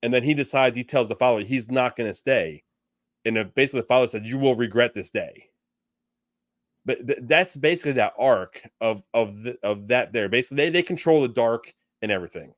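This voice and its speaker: Another stretch of casual fan talk from the same podcast co-host, this time fast and medium-pitched, still rambling with many fillers and restarts. The sound is clean studio audio with no echo.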